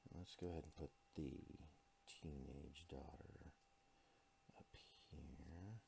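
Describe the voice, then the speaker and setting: Very deep gravelly-voiced man sketching. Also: fairly even intonation, takes it slowly, background noise. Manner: thinks aloud while sketching, self-critical asides. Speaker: artist drawing a live tutorial. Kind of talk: unscripted drawing commentary.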